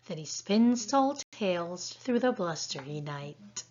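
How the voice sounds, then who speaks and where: Woman reading a picture book, sing-song lively voice, very slow, dull lo-fi sound. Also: fairly low pitch. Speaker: preschool teacher. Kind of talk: children's picture-book read-aloud.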